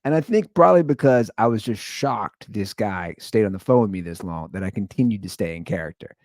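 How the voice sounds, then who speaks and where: A man's voice: fairly low pitch, expressive, fairly quick, darkish tone, no room sound, studio quality. A man hosting his show, giving amused, rambling commentary on a prank call. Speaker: show host. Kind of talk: casual commentary.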